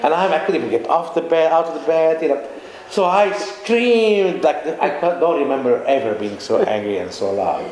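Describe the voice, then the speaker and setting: A man's voice: mid-range voice, fast, few pauses, a little mellow, roomy sound, slight background noise, rough recording. A man chatting casually, laughing as he tells a story about his kids. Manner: chatty, laughing, many fillers. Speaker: guest speaker. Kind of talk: conversational talk.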